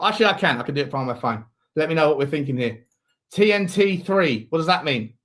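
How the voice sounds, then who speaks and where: A man's voice: on the high side, fairly bright tone. A man hosting a live football watch-along, chatting in a rambling way and reading out viewer messages. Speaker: host.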